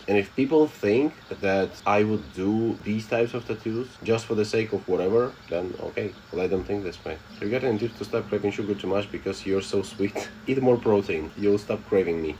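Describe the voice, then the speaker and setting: A man's voice: lowish voice, darkish tone, a little hiss or hum. A man live-streaming who reads viewer comments aloud and answers them bluntly in a casual, unbothered way. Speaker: live streamer reading chat.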